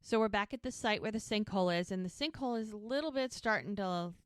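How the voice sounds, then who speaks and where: A woman's voice: mid-range voice, fast talker, clean tone, dry recording, studio quality. A woman co-hosting a podcast, casually retelling a TV episode scene by scene, quoting the characters as she goes. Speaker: podcast co-host.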